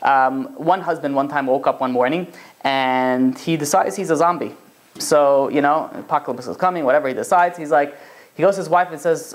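Male rabbi teaching a class, rapid and chatty, lots of "you know"s. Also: a little high. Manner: conversational, full of fillers, checks in with the class. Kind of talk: casual classroom lecture.

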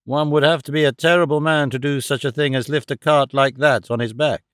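A man reading the part of a stern police inspector who speaks deliberately, stressing each word. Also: fairly high pitch, steady tone, a bit bright, clean tone, no echo, studio quality, natural voice. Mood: cold. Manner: deliberate, emphatic. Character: stern male police inspector, cold and watchful.

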